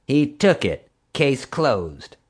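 A man's voice: mid-range voice, very animated, drawn-out words, husky, pitched above the performer's own voice, heavily acted. A man reading an audiobook voices a combative female park security chief who accuses and whines. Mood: accusing. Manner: combative, whiny when thwarted.

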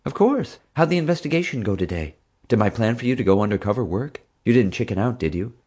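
A man with a deep voice voicing a bold, teasing young girl who talks eagerly and asks endless questions in a storybook reading. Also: lively intonation, fast, a little mellow, husky.

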